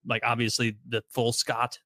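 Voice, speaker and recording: Male podcast host, mid-pitched, easygoing and jokey, dry close mic. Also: completely flat delivery, normal speed, pushed and bright, no room sound. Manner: laughs often, loose joking questions. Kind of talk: casual chat.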